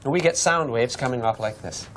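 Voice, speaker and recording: A man's voice: mid-range voice, fairly quick, background noise. A man from Massachusetts teaching a physics lesson, telling stories and chatting with the class as he draws on the board. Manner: animated storyteller, acts out shouted dialogue; chatty, asks the class questions. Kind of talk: classroom lecture with demonstration.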